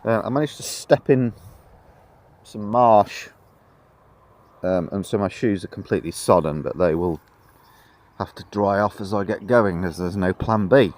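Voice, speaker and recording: A tired man on a long cycling trip, talking outdoors in a dry, self-deprecating monotone as a casual travel vlog. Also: fairly low pitch, a little slow, long pauses. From Britain. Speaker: vlogger.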